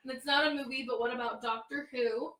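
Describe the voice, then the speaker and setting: A woman's voice: high voice, fairly even intonation, a little fast, fairly bright tone, reverberant, recorded from a distance. A woman producer on a casual podcast, hesitantly reading out listener questions. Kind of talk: casual chat.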